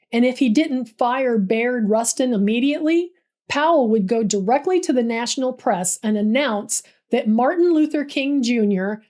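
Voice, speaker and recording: A woman with a fairly high voice narrates a history story from a script. She builds tension with a vivid, dramatic storytelling manner. Her delivery stays steady and polished.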